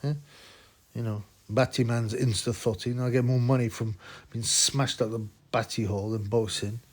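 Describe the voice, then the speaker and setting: A man's voice: medium pitch, steady tone, moderate pace. A man in casual, crude, mocking boxing commentary, rambling with many restarts.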